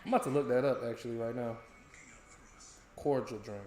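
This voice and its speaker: A young adult American man co-hosting a live stream jokes casually with viewers and swears freely. His mid-range voice is brisk and a little mellow, with faint music in the background and a roomy echo.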